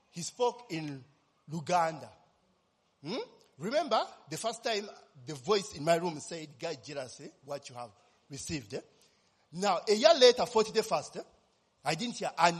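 A man's voice: high voice, breathy edge, in a large hall. A man, preaching a sermon as personal testimony, telling his story animatedly and constantly tossing in tag questions.

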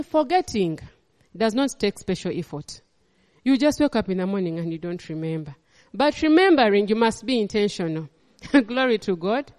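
A woman's voice: mid-range voice, a little mellow, big-room sound. A woman pastor with a Ugandan accent preaching a sermon, emphatic and repeating her phrases.

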